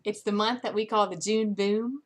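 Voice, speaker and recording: A woman's voice: medium pitch, steady tone, normal speed. A woman talking to her sales team in an upbeat, chatty, encouraging way from bed, with plenty of ums. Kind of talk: casual direct-to-camera update. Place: in bed at home.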